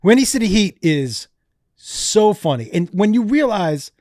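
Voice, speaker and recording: Male comic guest, slightly high voice, animated profane storytelling, dry sound. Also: measured pace, no room sound. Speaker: comedian guest. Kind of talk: casual podcast chat.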